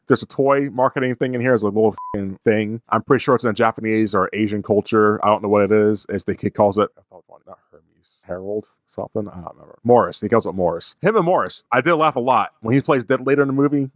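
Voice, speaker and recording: A man co-hosting a movie review podcast, ranting in an animated, sarcastic and exasperated way. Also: fairly low pitch, fast, dry recording, clean studio sound. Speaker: podcast co-host. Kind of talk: casual movie review chat.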